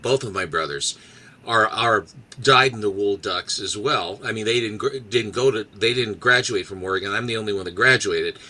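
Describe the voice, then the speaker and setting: A man in casual chat, telling a long family anecdote in a halting, rambling way. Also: on the low side, pushed and bright, rough recording. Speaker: co-host.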